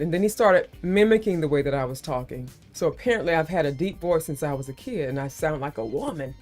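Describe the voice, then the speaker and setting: Lively deep-voiced woman stream host. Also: fairly quick, few pauses, soft background music. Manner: animated, expressive, laughs easily. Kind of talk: casual live-stream chat.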